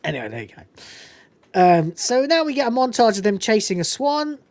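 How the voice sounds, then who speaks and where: A woman's voice: on the high side, very animated, a little fast, a little mellow, no echo. A woman hosting a podcast, chatting casually and enthusiastically about a film, swearing freely and laughing often. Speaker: podcast host reviewing a film. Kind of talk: casual chat.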